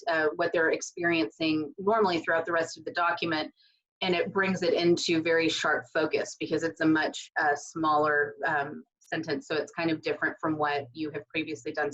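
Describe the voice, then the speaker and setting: A writing instructor records a casual lesson from home, talking loosely with lots of fillers and side remarks. Her voice sits low and is a bit bright, and the audio quality is poor.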